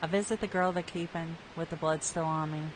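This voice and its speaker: A woman streamer reading a dark story game aloud in a plain storytelling voice, breaking off for wry asides. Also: low voice, fairly even intonation, a little fast, background noise.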